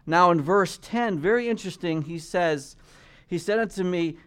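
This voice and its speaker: Man preaching, slightly high voice, slow emphatic scripture reading, casual asides, trails off quietly at the ends of points. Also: clean tone. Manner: reads scripture slowly and emphatically, then explains in casual asides. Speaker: pastor. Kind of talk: verse-by-verse Bible teaching.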